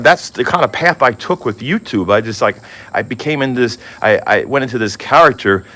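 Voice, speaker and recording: A middle-aged man talks straight to his viewers in an unscripted, confessional vlog. His voice sits a little low, and he rambles in a candid way, padding his thoughts with easy fillers. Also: a bit bright. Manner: rambling, candid, full of "you know" fillers. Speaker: vlogger. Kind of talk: casual confessional chat.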